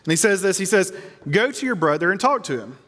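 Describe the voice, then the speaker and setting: A man preaching a sermon as pastor, earnest, slowing down to stress key lines. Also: high voice, very animated, pushed and bright, big-room sound.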